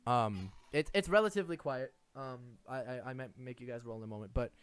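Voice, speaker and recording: A man running a tabletop game as game master, describing scenes in a rambling, halting way with many restarts. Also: medium pitch, clean tone, no echo.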